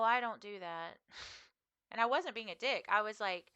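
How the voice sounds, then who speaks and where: A woman's voice: fairly high pitch, measured pace, pauses often, a bit bright, clean tone, dry recording, lo-fi sound. A young woman streamer chatting casually with her viewers while she plays, rambling with frequent fillers and laughs. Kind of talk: casual live-stream chat while gaming.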